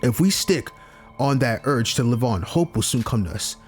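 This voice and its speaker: An earnest schoolgirl from a visual novel urges everyone not to give up, as a young man reads her lines aloud. The delivery is slightly theatrical, with a lively rise and fall. Faint game music sits underneath. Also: medium pitch, normal speed, close to an everyday voice. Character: hopeful, earnest teenage girl student.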